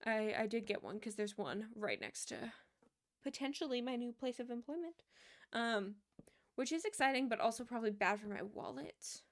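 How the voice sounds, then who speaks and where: Young female streamer, slightly high voice, loose rambling chatter, laughs easily. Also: a bit bright. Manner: rambling storyteller, many fillers, laughs easily. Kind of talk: casual chat while gaming.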